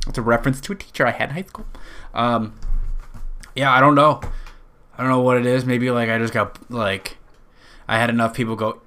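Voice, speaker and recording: A man's voice: medium pitch, steady tone, fairly quick, pauses often, a bit bright. A man with a nasal Western New York accent, hosting a podcast in a rambling, profane, jokey monologue. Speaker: podcast host.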